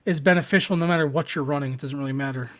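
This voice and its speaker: A man's voice: a little high, very fast, fairly bright tone. A young man hosting a gaming live stream, giving his opinions in casual chat and calling on viewers for questions.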